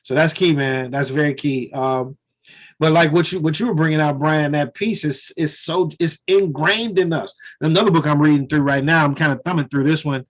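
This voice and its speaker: Man, slightly higher voice, reflective and loose, "you know" between thoughts, heard over a video call. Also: steady tone, moderate pace. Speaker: discussion participant. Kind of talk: casual group conversation.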